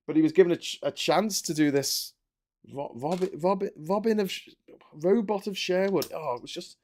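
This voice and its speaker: A man's voice: fairly high pitch, darkish tone. A man in his forties, hosting a casual live stream and rambling animatedly, with the odd swear. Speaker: livestream host. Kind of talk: casual live-stream chat while building.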